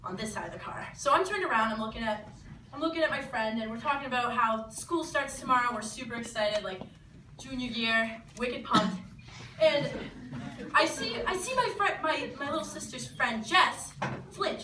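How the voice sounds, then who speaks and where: A young woman from New telling a funny personal story live, animated and laughing as she acts out what people said. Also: a little high. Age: teens. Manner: animated, laughing, acting out quotes. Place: small venue. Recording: roomy, distant mic with background noise.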